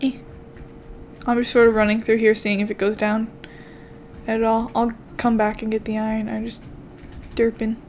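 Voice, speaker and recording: A woman's voice: fairly high pitch, completely flat delivery, normal speed, pauses often, darkish tone, slight background noise. A young woman chatting playfully to herself while commenting on her game as a channel host. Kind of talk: casual gameplay commentary.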